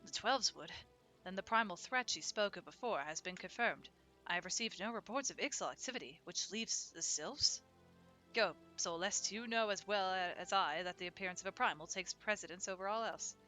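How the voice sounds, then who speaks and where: A woman's voice: mid-range voice, moderate pace, sharp tone, faint music behind, lightly acted. A woman voicing a stiff, formal young nobleman in a game, with old-fashioned phrasing. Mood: weary.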